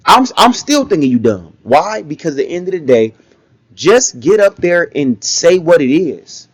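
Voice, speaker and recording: A man giving blunt, casual opinion commentary in an animated way, often mocking others with quick impressions. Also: a little high, dry recording. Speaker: commentary vlogger.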